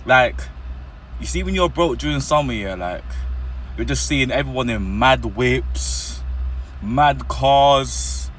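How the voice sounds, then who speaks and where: A man's voice: mid-range voice, expressive, takes it slowly, a bit bright, slight background noise. A man talking casually to camera, full of slang, often checking whether the listener gets it. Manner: slangy, keeps asking the listener if they get it.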